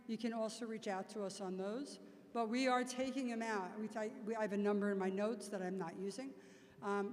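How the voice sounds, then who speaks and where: A woman speaking at a community board meeting, emphatic and direct, repeating her warnings to the audience. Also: a little high. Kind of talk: informal public address. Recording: long hall reverb.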